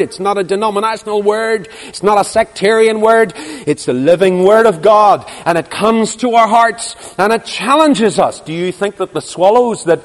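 Male preacher, high voice, impassioned sermon, long hall reverb. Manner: impassioned, rhetorical questions, repeats phrases for emphasis.

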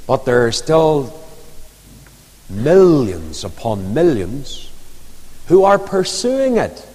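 A man preaching a sermon, telling stories with lively emphasis. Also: mid-range voice, slow pace. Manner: storytelling, animated, rising and falling emphasis. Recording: long reverb of a large hall.

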